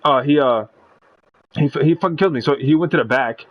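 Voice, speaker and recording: A man's voice: fairly high pitch, a little fast, no room sound, lo-fi sound. A man streaming a video game, chatting casually in a rambling, profane way. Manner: rambling and profane, full of fillers. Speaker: gaming streamer. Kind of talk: casual chat while playing a video game.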